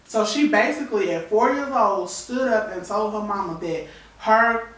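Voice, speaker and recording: A woman's voice: medium pitch, moderate pace, a bit bright. Woman telling a painful story in an echoey room. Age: 30s. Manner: candid, tearful retelling with acted-out quotes. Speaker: guest. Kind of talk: emotional personal storytelling on a talk show. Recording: echoey room, voice from far off the mic.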